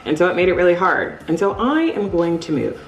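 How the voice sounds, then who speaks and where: A woman's voice: on the low side, sing-song, brisk, reverberant, muffled recording, slight background noise. A woman in her thirties talking candidly in a casual, rambling vlog while decorating cookies, using lots of fillers. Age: 30s. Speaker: vlogger.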